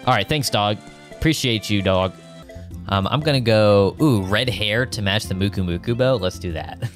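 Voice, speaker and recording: Low-voiced man joking through a game. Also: moderate pace. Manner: jokey, excitable, slangy, swears. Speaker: game streamer. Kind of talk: casual gameplay commentary. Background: game music.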